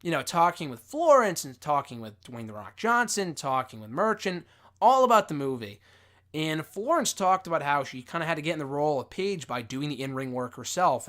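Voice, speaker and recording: A man's voice: a little high, bright, forceful tone. A man getting over a cold gives a casual, rambling film review as a wrestling show host, swearing freely and full of fillers. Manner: rambling, profane, lots of fillers and restarts. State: recovering from a cold.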